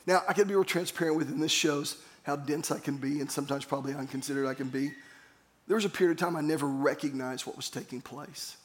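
A man's voice: fairly high pitch, fast. A man pastor preaching a sermon, earnest and storytelling, calling on the congregation to repeat phrases after him.

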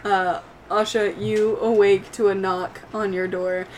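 A woman's voice: medium pitch, level tone, unhurried, darkish tone, a little hiss or hum. A woman running a tabletop game as game master, narrating in an easygoing way and laughing often.

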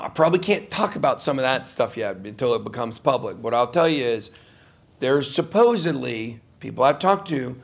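A gravelly-voiced man talks as a guest before a live audience. His pitch swings widely, jumping high when he gets worked up, as he tells a long, emphatic, rambling story. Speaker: interview guest.

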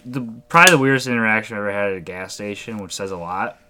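A young man co-hosting a podcast, chatting casually and telling animated stories. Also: lowish voice, racing, clear, resonant tone. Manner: animated storytelling, puts on voices for quoted people. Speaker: podcast co-host. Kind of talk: casual chat.

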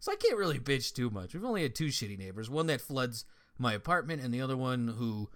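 A young man in casual chat, telling a story with lots of swearing and lively energy. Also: medium pitch, quick pace. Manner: profane, animated storytelling.

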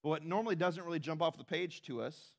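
Male pastor, slightly higher voice, chatty sermon with quick asides. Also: gravelly. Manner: conversational preaching with asides and quoted voices.

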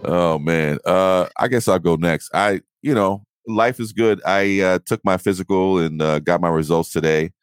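Brief: man with a very low voice, laid-back co-host, halting delivery, dry sound. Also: clear, resonant tone, dry recording, soft background music. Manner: relaxed, halting, with many fillers. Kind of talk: casual chat.

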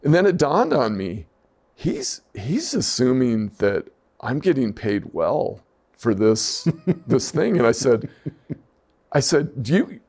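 A man's voice: mid-range voice, sing-song, slow, vocal fry, a little mellow, slightly rough. Brief: middle-aged man, ex-coach, rambling self-mocking podcast storyteller. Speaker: podcast co-host, former high school coach. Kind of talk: casual storytelling chat.

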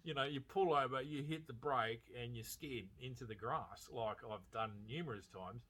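A man giving a casual, animated movie review, swearing freely and laughing as he retells scenes. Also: mid-range voice, normal speed, slightly rough. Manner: animated, profane, laughing storyteller. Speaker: film reviewer.

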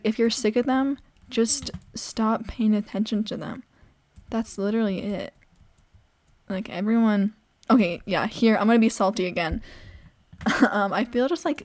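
A teenage girl rattles through a casual vlog, fast and opinionated, full of fillers. Her voice moves between a somewhat harsh tone and a softer, airy one. The close mic sounds dry, with no room behind her. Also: mid-range voice, no echo. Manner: fast, rambling, opinionated, lots of "like". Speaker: vlogger. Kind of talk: casual chat over gameplay.

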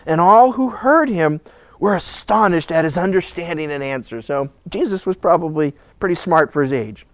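A middle-aged male pastor teaching through a Bible passage in a sermon, telling the story in an animated way. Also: fairly high pitch, normal speed, no echo. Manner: animated storytelling, acting out voices with laughs.

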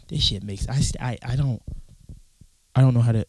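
A young man talking on a casual podcast, telling stories with a lot of swearing, acting out what people said and breaking into sudden loud outbursts. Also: medium pitch, moderate pace, a little hiss or hum. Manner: animated, profane storytelling with acted-out quotes and sudden loud outbursts. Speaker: podcast co-host.

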